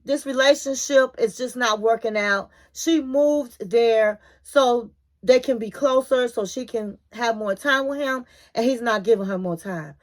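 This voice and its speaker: A woman's voice: on the high side, measured pace. A woman hosting her own channel, recapping reality TV in a chatty, folksy storytelling way. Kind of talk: casual gossip recap.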